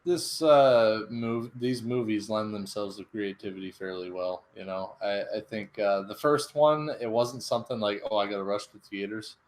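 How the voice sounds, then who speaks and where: A man co-hosting a podcast in relaxed, casual chat, speaking in a fairly low voice. He is laid-back and a little hesitant, filling gaps with fillers and letting his sentences trail off. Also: moderate pace, few pauses. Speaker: podcast co-host.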